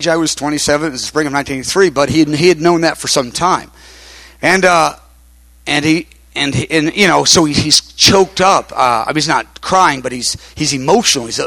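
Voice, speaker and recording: A man's voice: fairly high pitch, creaky, pushed and bright, dry recording. An older man preaching in a conversational storytelling way, often repeating himself with fillers like "uh". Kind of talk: sermon storytelling.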